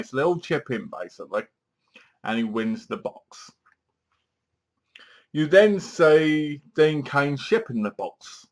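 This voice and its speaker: A man's voice: a little high, expressive, unhurried. A man giving a casual, rambling film review, leaning on filler words and restarts.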